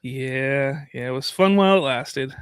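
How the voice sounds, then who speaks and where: A man's voice: medium pitch, a little slow, clear, resonant tone, no echo. A man in his thirties co-hosting a podcast, easygoing and agreeable, laughing often in casual chat. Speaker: podcast co-host.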